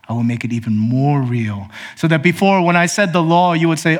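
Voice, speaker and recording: A male pastor delivering a sermon in a fairly high voice. He argues with the room, lifting his pitch on questions and sinking to near-hushed tones for the key lines, addressing listeners as brothers and sisters. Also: sing-song, a little fast, few pauses. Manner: emphatic, rising to high questions then dropping low and quiet.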